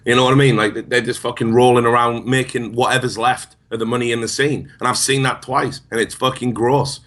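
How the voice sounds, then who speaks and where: A man with an average-pitched voice co-hosting a talk show. He rants heatedly and swears constantly, in a casual, profane banter style. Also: fairly even intonation, a little fast, a bit bright. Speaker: podcast co-host.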